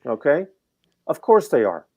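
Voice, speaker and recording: A man's voice: a little high, a little slow. Rambling middle-aged sports betting co-host man. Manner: animated, rambling, asks rhetorical questions. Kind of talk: casual sports betting talk.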